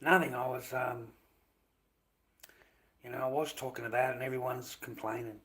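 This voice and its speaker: A man's voice: medium pitch, fairly even intonation, normal speed, fairly bright tone, rough recording. Blunt, profane Australian man. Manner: blunt, profane and dismissive, repeating himself. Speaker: live streamer. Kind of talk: rambling live-stream monologue.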